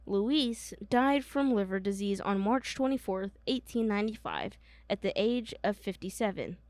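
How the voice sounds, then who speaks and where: A woman's voice: medium pitch, animated, moderate pace, a little mellow, dry recording. A young woman co-hosting a casual podcast, reading history notes, giggly and stumbling over names. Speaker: podcast co-host.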